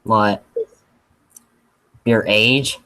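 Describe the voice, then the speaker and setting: A teenage boy hosting a casual live Q&A stream, talking in a rambling, halting way with lots of fillers. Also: on the low side, steady tone, bright, forceful tone, low-quality recording. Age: teens.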